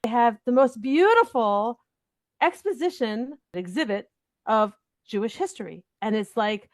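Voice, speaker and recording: A woman's voice: fairly high pitch, lively intonation, unhurried, dry recording. A middle-aged woman speaking as a guest, blunt and emotional in a heated discussion. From Israel. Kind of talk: impassioned discussion.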